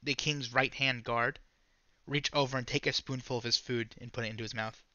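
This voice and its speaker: Guy running a tabletop game, bright crisp voice, dry slightly dull mic. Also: medium pitch, steady tone, dry recording. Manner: casual, halting with fillers. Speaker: game master.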